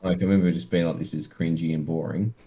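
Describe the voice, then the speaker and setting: This Australian podcast co-host talks in a low, mellow voice with fairly even intonation and a quick pace, and there's slight background noise. His casual chat rambles, packed with "like" as filler.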